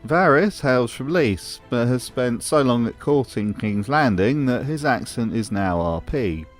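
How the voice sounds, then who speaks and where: A man's voice: mid-range voice, expressive, a little slow, soft background music. A man delivering scripted commentary as a video host, in a dry, mocking manner.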